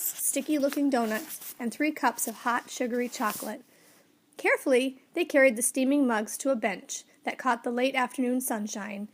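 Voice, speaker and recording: A woman narrating a children's story aloud in a measured, gently expressive way. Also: fairly high pitch, slight background noise.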